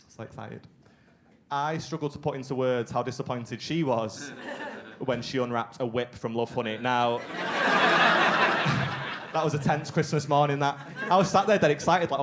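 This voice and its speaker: A man's voice: mid-range voice, a little fast. A young man doing a stand-up comedy set in a theatre, acting out both sides of conversations. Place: theatre stage with live audience. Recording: live theatre recording with audible background noise.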